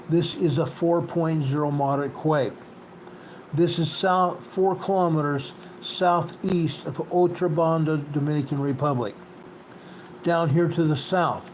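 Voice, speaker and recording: A man with a slightly high voice walks through an earthquake map. He talks in an emphatic way and stresses his points by saying them twice. A faint hum sits under the recording. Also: a little mellow, rough recording. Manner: emphatic, repeats key points, asks "okay?". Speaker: host. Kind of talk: earthquake report narrated over a map.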